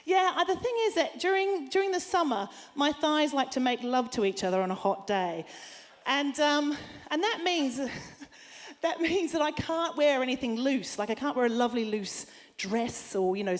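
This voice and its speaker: A brash Australian woman in her forties doing stand-up on a theatre stage. Her voice sits high for a woman, and her crude, self-mocking delivery rises into shouted punchlines. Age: 40s. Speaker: stand-up comedian. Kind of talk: stand-up comedy set.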